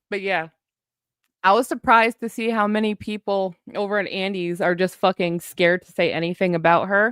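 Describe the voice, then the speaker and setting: A woman rants at her critics in a heated, profane, sarcastic voice. She sits at a middle pitch, and the sound is dry and close with no room echo. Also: fairly even intonation, unhurried, pauses often, fairly bright tone, smooth. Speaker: streamer addressing online critics. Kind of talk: angry livestream rant.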